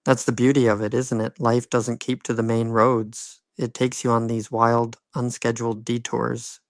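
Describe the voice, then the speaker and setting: A man's voice: medium pitch, flat delivery, normal speed, dry recording. A man in his fifties with a Dublin accent, telling his own life story with wry, humorous asides. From Ireland. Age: 50s. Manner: wry, humorous anecdotal delivery. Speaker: school bus driver. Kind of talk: personal storytelling monologue.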